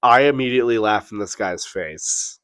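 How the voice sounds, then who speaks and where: A man co-hosting a podcast, telling a profane, animated story and acting out the quotes. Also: lowish voice, moderate pace, clean tone, no echo. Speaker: podcast co-host. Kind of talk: casual storytelling.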